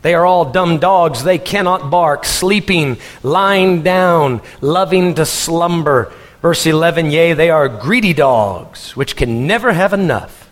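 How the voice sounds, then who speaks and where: A man from Texas, preaching a sermon in an animated storytelling manner and laughing as he goes. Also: fairly high pitch, slow, big-room sound. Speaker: pastor.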